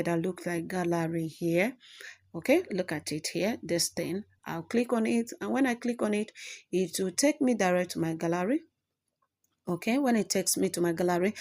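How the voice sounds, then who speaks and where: A woman with a fairly low, slightly mellow voice hosts a screen-recording tutorial. She explains each step as she goes and keeps checking in with "okay."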